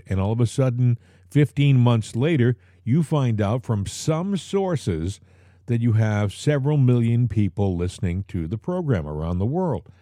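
A man's voice: fairly low pitch, warm tone, dry recording, studio quality. A man hosting a talk podcast, speaking straight to his listeners and repeating the key points so they stick. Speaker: podcast host. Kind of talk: casual talk show chat.

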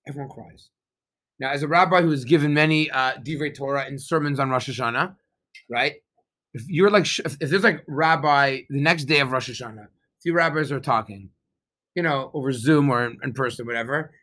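A man's voice: fairly high pitch, a little fast. A man, a rabbi, giving a sermon, telling stories and asking the congregation rhetorical questions, reading Hebrew verses aloud. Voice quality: Hebrew phrases read with traditional pronunciation. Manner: animated storytelling with rhetorical questions.

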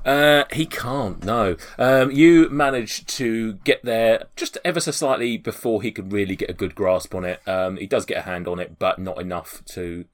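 Man as game master, hesitant, lots of fillers, lowish voice. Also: normal speed, hardly any pauses. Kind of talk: narrating a tabletop game.

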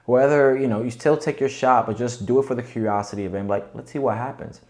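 This podcast host, a man who talks fast at a medium pitch with a darkish tone, gives a casual motivational monologue full of rhetorical check-ins aimed at coaching listeners.

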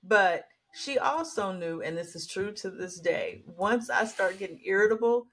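A woman in casual podcast conversation, with a middle-pitched voice. She tells stories in a lively, emphatic way, often breaking into laughter. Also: moderate pace, hardly any pauses. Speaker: podcast co-host. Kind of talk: casual chat.

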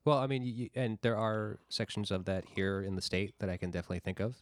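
Low-voiced man, rambling. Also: fast. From Rhode Island. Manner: rambling, searches for words. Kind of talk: casual chat.

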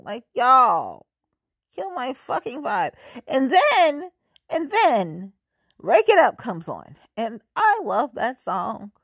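A woman's voice: high-pitched, very animated, takes it slowly, fairly bright tone, slightly rough, no echo, clean studio sound. A woman venting in a profane, exasperated monologue.

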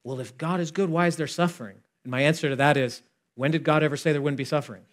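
Animated man preaching a casual sermon. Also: a little high, fast. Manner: animated and conversational, acting out dialogue, swinging from loud to hushed. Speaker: pastor.

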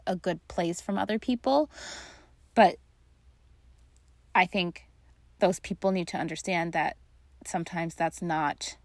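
A young adult woman talks straight to her listeners in a casual, reassuring solo podcast about grief, with plenty of ums along the way. Her voice has a gravelly, fry-laden edge, and the recording is close and dry. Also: on the low side, no room sound. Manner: warm, reassuring, talking directly to listeners; casual with frequent fillers. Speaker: podcast host and grief coach.

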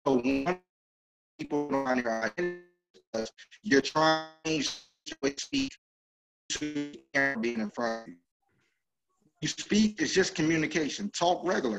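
A man talks on a podcast panel with loud, emphatic passion. His pitch sits in a plain middle range. He lands his points firmly, like someone used to speaking. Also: rough recording. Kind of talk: casual group chat.

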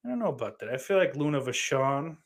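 A man's voice: medium pitch, sing-song, quick pace. A male livestream host reading chat aloud in a put-on Irish accent, swearing often and breaking into giggles. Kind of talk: casual stream chat.

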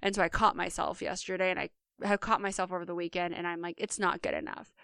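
A woman's voice: lowish voice, flat delivery, fast talker, sharp tone, clean tone, no room sound, clean studio sound. A woman co-hosting a podcast, talking earnestly and speaking straight to listeners in a casual monologue. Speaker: podcast co-host.

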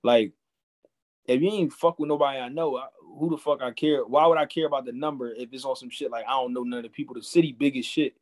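Young male host, average pitch, blunt opinionated banter. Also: fairly even intonation, quick pace, a little mellow. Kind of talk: casual chat.

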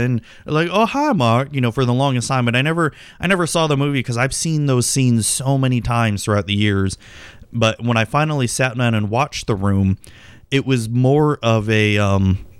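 Low, smooth-voiced rambling streamer guy. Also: no echo, clean studio sound. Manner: rambling, profane, self-correcting. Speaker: streamer and podcast host. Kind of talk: casual livestream chat.

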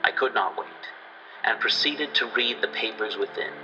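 A man's voice: mid-range voice, moderate pace, recorded from a distance, lo-fi sound, noisy background. A man reading a horror story aloud with dramatic narration. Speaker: reader.

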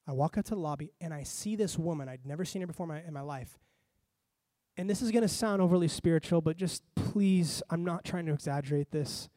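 A man pastor preaching a sermon, telling a story with lively asides and acting out his own reactions. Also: fairly high pitch, no echo. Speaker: lead pastor.

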